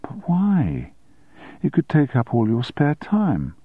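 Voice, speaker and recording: A teasing young woman, light and questioning, her voice pitched up, as a male narrator puts her on. The sound is dry and thin like a phone line. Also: huge pitch swings, slow pace, breathy edge, dry recording, heavily acted.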